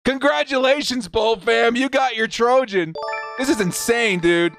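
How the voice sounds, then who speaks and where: A young adult man hosting a live fan watch party stream, excitedly shouting reactions and reading chat messages aloud. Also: extremely high pitch, moderate pace, no room sound, clean studio sound, faint music behind.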